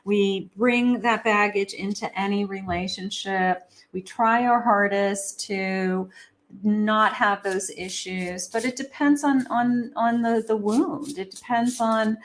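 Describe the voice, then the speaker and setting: A woman's voice: mid-range voice, fairly even intonation, slow pace. A woman, a psychic, giving a rambling, casual tarot reading with many fillers. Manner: acts out lovers' quoted lines.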